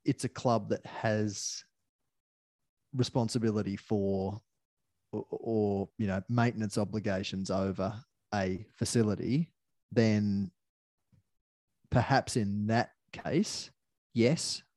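A man's voice: fairly low pitch, steady tone, slow, long pauses, a little mellow, dry recording, clean studio sound. A man, co-hosting a podcast, talking things through in a thoughtful, opinionated way. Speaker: podcast co-host. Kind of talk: casual chat.

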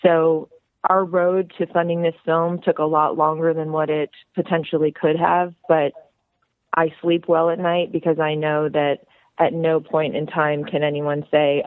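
A woman filmmaker with a low voice tells her story at a measured pace as a guest in a phone interview. She's friendly and outgoing, an animated, chatty storyteller. The audio is a tinny telephone line with no room sound.

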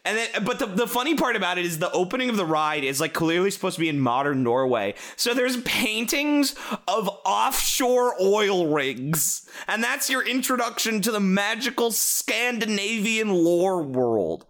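A man rambling excitedly in casual chat, telling stories with swearing and laughter. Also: sits high, normal speed.

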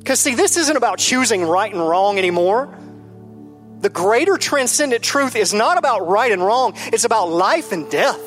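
A man in his thirties, a pastor telling a personal story in a candid, conversational sermon. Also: high-pitched. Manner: candid, personal, builds to emphatic then soft.

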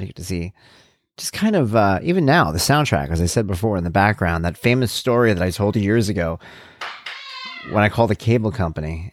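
Middle-aged guy doing a solo podcast, very animated up-and-down voice, storytelling, dry close mic. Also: lowish voice, no echo. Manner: lively conversational storytelling with voiced quotes. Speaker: podcast host. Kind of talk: casual solo podcast monologue.

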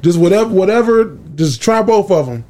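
A man with a fairly high voice hosts a casual comedy podcast. He speaks bluntly and loosely, full of slang, and circles back to say the same thing twice. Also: lively intonation, brisk, darkish tone. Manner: laid-back, blunt, slangy, repeats himself. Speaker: podcast host.

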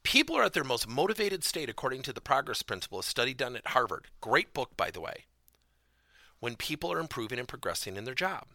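A man's voice: mid-range voice, big pitch swings, fast, creaky, bright, forceful tone, no echo, studio quality. A man giving a motivational business talk as a corporate coaching trainer, stressing key words emphatically and theatrically.

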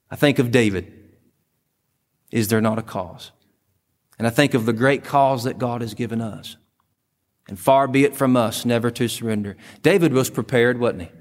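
A male pastor preaches with fervor at a middle pitch, surging upward on key phrases and sinking to near-whispers. His voice rings out with a long reverb through the church sanctuary. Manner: impassioned preaching with sudden pitch leaps and hushed drops. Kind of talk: sermon.

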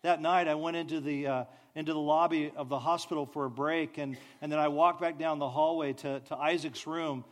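A man preaching a sermon, telling stories with animated delivery and soft, drawn-out sighs. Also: a little high. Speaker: pastor.

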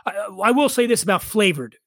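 Middle-aged man, high voice, dry close sound, profane, opinionated casual storyteller. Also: lively intonation, a little fast, dry recording. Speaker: podcast guest. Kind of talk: casual chat.

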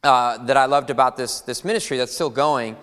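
A young adult man preaching a sermon as pastor, rousing the congregation with lively, energetic delivery. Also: mid-range voice, a little fast. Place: church sanctuary. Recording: reverberant church hall with faint music.

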